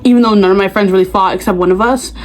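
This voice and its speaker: A young woman vlogger telling school stories in casual chat, animated and acting out the other people's voices. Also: mid-range voice, racing, poor audio. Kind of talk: casual storytime.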